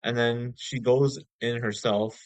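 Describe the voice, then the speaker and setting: A man's voice: mid-range voice, steady tone, takes it slowly, dry recording, low-quality recording. A man giving a casual spoken movie review, rambling and slangy, full of fillers like "bro".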